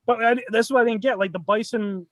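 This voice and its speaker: A man with a notably high voice, talking in a bone-dry room close to the mic. He retells a movie plot in a loose, rambling way, putting on the characters' lines with a laugh. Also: steady tone, a little fast, a bit bright, dry recording. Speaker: podcast co-host recapping a movie. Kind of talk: casual chat.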